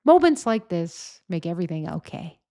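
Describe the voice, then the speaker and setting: A woman's voice: lowish voice, very animated, normal speed, warm tone, no echo. Sarcastic woman rambling on dry mic. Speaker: podcast host. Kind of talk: casual commentary.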